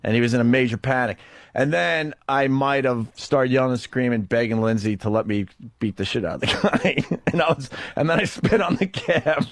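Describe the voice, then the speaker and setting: A man's voice: medium pitch, lively intonation, moderate pace, no room sound. A man hosting a radio talk show in a studio, telling a rambling, profane story into a studio microphone.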